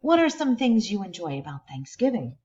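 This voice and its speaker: A woman voicing a cheerful crocodile-like schoolteacher in a higher, brighter voice. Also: sing-song, normal speed, lo-fi sound, natural voice. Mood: teacherly.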